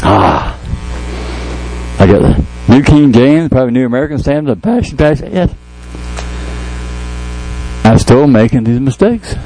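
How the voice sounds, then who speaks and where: A man's voice: medium pitch, a little slow, long pauses, a little hiss or hum, rough recording. A man preaching to a congregation, acting out a comic skit and chatting with people in the room. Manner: animated, jokey, talks to congregation. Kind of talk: sermon with acted skit.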